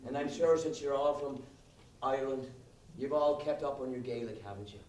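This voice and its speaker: A man's voice: mid-range voice, steady tone, normal speed, over a noisy crowd. A man performing a live comedy set with a guitar, teasing the audience and tagging his lines with "all right?". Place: live venue before an audience. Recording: roomy live room, mic from a distance. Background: guitar music.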